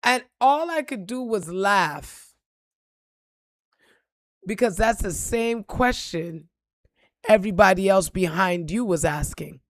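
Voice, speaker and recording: A woman's voice: mid-range voice, animated, takes it slowly, pauses often, no echo, clean studio sound. A woman vlogger telling a story in a blunt, profane, preachy rant. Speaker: spiritual reader and vlogger.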